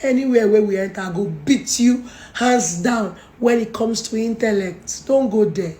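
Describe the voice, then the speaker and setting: A woman's voice: a little high, normal speed, dark tone, roomy sound. A young woman with a Nigerian accent, mocking and scolding someone in a confrontational call-out video. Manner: mocking, scolding, Pidgin-heavy. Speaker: social media personality.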